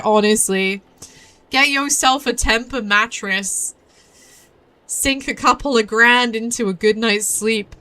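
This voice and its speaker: A woman with a fairly high, sharp-toned voice speaks a little slowly as a VTuber playing a mystery game. Her casual commentary is chatty and playful, with giggly asides.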